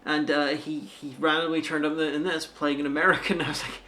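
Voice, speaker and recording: A man co-hosting a film review show in casual chat, dry and halting with asides. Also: a little high, little pitch movement, pushed and bright.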